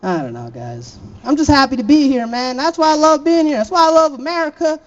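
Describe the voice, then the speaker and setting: Giggly stand-up comic, lively pitch. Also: male voice, fairly quick, highs cut off. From Florida. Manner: laughs at his own jokes, chatty asides to the crowd. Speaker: stand-up comedian. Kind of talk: stand-up comedy set.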